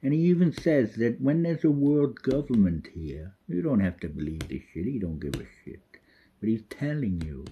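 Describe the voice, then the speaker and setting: A man's voice: medium pitch, very animated, moderate pace, lo-fi sound, a little hiss or hum. A man talking about himself in the third person in a rambling, profane monologue. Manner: swears freely, drifts off topic. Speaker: vlogger.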